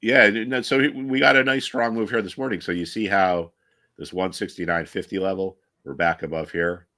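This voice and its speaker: A man's voice: low voice, moderate pace, pushed and bright. A man hosting a live trading stream, chatting casually and with strong opinions, full of restarts and fillers.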